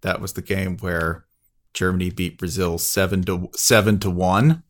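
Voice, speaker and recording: A man hosting a podcast, telling an anecdote in a lively way and acting out what others said. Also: low-pitched, normal speed. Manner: lively anecdote teller, acts out quotes. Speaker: podcast host. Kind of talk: casual chat.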